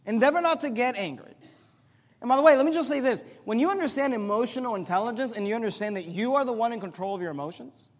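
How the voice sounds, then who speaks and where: A middle-aged man preaching a sermon as pastor, swinging from loud, emphatic points to quiet, low asides. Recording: long hall reverb.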